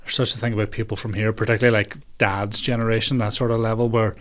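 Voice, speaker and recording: Male guest, rapid-fire dry banter, sweary. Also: lowish voice, flat delivery, a bit bright. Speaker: podcast guest. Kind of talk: casual comedic chat.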